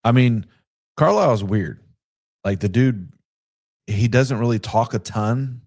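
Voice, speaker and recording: A man's voice: mid-range voice, lively intonation, slow, a little mellow. A man co-hosting a casual sports talk podcast, telling stories in a chatty way with quoted asides. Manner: chatty storyteller who retells events with quoted asides. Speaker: podcast co-host.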